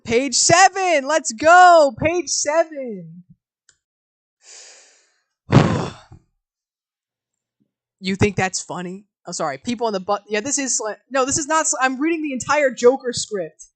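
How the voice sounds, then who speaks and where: A woman live-streaming herself reading a film script aloud, switching from flat reading of scene directions to flustered asides to her chat. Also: high-pitched, a little slow, poor audio.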